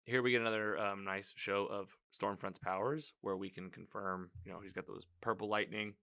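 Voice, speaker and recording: A man casually recapping a TV episode, rambling with many fillers and animated reactions. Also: fairly low pitch, moderate pace, gravelly, clear, resonant tone.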